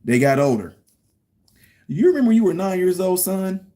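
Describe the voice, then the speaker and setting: A man's voice: high voice, sing-song, moderate pace, mellow. A middle-aged man giving a casual commentary rant, emphatic and preachy, repeating his points. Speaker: political commentary vlogger.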